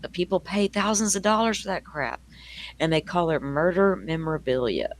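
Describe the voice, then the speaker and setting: Southern older guy hosting a live stream, gabby and laughing, slightly high voice. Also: animated, normal speed, slight background noise. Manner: chatty, laughs often, addresses viewers by name. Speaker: true crime livestream host. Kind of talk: casual chat with live viewers.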